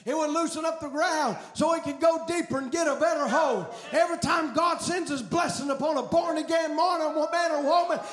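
A man preaching a fiery revival sermon, shouting in a chanting cadence. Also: extremely high pitch, normal speed, hardly any pauses.

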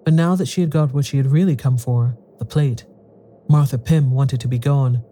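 A man with a very dark, mellow voice reading a ghost story aloud. His telling is measured and even, at a middle pitch for a man. It has the steady feel of scripted storybook narration.

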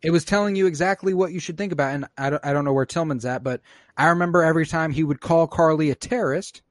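Animated higher-voiced man, dry sound. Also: fast, dry recording. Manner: animated, slips into mock voices when retelling. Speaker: podcast co-host. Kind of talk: casual chat.

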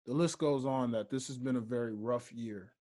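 A young man hosting a solo podcast, speaking slowly and deliberately and stressing his key points. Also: mid-range voice, mellow. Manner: slow, deliberate, emphatic. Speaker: podcast host.

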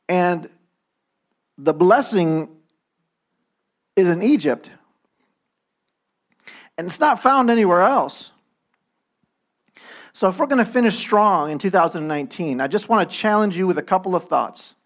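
A man's voice: high-pitched, animated, a little slow, pauses often, fairly bright tone. A man preaching a sermon in a conversational way, acting out quoted voices as he goes. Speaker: pastor.

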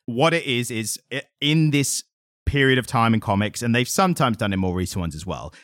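A man's voice: medium pitch, animated, a little fast, fairly bright tone, no room sound, studio quality. A man co-hosting a podcast, chatting casually about comics, rambling with lots of "like" and frequent laughs. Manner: rambling, laughs often, hedges with "like". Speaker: podcast co-host. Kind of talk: casual comic-book chat.

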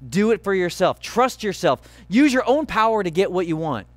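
Male pastor, sermon delivery, emphatic and earnest, high voice, dry sound. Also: sing-song, no echo. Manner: earnest, emphatic, slowing on key phrases.

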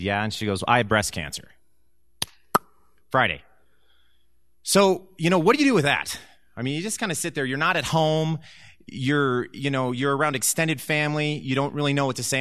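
A man's voice: medium pitch, sharp tone, no room sound. A man of forty, a church elder, sharing his personal testimony in a candid, conversational storytelling manner with touches of self-deprecating humor. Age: 40s.

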